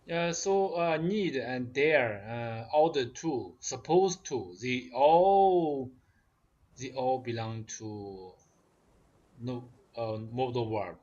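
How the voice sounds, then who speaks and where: A man with a mid-pitched voice who talks very slowly during an English grammar lesson. He speaks in halting phrases with frequent pauses. The sound is muffled and lo-fi. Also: lively intonation, a little mellow. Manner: slow, halting English with pauses and short questions. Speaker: co-teacher. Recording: dull lo-fi sound.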